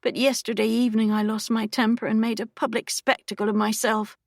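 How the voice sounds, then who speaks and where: A woman's voice: fairly high pitch, flat delivery, brisk, creaky, dry recording, clean studio sound. A woman voicing an earnest, unsure young country girl who talks in a pleading way.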